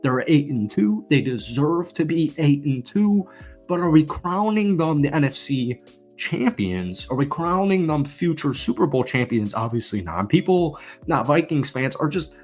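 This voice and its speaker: A man hosting a football channel, giving an energetic, emphatic sports commentary rant. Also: a little high, measured pace, soft background music.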